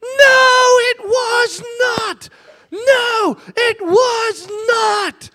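Man doing a little girl of eight, high and shrill, crying and yelling in a story. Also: very slow, heavy background noise, exaggerated voice. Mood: wailing. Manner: wailing, shouted through tears. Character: sobbing eight-year-old girl, stubbornly upset.

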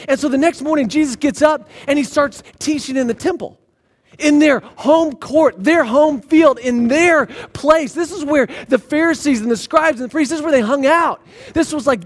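A man with a strikingly high voice preaches a sermon. He retells the scripture stories in a lively, casual way and drops dry, sarcastic asides along the way. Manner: animated storytelling with sarcastic asides. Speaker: pastor.

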